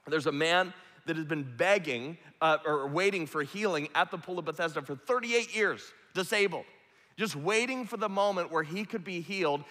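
A man's voice: a little high, normal speed, bright, forceful tone. A man preaching a sermon, retelling a story earnestly and vividly. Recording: long hall reverb.

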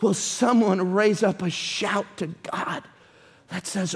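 A man preaching a sermon, swinging between shouted appeals and hushed, whispered prayers. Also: high-pitched, fairly even intonation, slow, gravelly, breathy edge, long reverb tail.

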